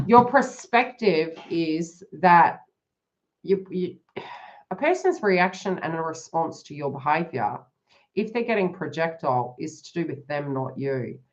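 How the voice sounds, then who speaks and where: A woman's voice: low voice, lively intonation, a little slow. A woman reading cards on a live stream, chatting to viewers by name and laughing often. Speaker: tarot reader hosting a live stream. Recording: dull lo-fi live stream audio.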